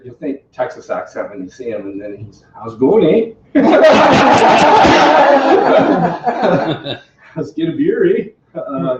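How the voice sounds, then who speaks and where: A man's voice: mid-range voice, darkish tone, a little hiss or hum. A man casually telling a personal story to a small group at home, chatty and self-deprecating, often quoting others and laughing. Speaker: company representative telling his story. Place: living room in a home. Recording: roomy, distant, dull home video.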